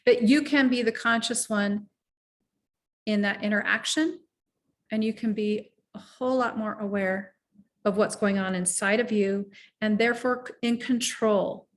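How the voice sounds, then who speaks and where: Speaking at medium pitch with fairly even intonation, a middle-aged woman life coach offers a heartfelt, reflective motivational talk. She sometimes leads the listener in slow breathing.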